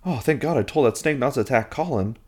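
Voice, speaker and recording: A man's voice: mid-range voice, animated, voice pushed up, lightly acted. A man briefly quoting a young male wizard student who sounds earnest and puzzled. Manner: quick offhand retelling of lines.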